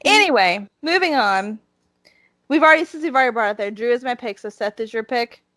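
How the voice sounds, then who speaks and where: A woman's voice: fairly high pitch, animated, brisk, bright, forceful tone, no echo. A woman with a Southern US accent co-hosting a podcast, chatting casually with lots of restarts. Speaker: podcast co-host. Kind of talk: casual chat.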